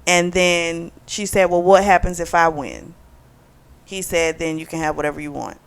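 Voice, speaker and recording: A woman's voice: fairly low pitch, steady tone, moderate pace, vocal fry, clean tone. A woman casually retelling a book's plot for a review, acting out the characters' lines in quotes as she goes. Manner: chatty storytelling, retells dialogue in quotes. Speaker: book club vlogger. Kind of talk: casual book review recap.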